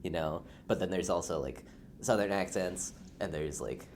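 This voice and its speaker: A man's voice: low voice, moderate pace, darkish tone. A young American man with a General American accent, chatting casually as a podcast guest, rambling with lots of fillers. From United States. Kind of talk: casual chat.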